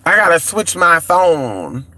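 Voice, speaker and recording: Bright, sassy man on a live stream. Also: on the high side, very animated, slow pace, a little hiss or hum. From California. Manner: flamboyant, sassy, calls listeners honey; cheers on chat with repeated come on. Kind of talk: casual live stream chat. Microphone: phone or computer mic on a live stream.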